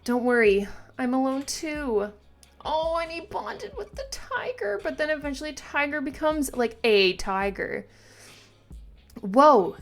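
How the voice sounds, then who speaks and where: A woman hosting a manga reaction video, excitable and gushing, swearing freely as she reads along and reacts. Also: a little high, unhurried, faint music behind. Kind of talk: reaction vlog.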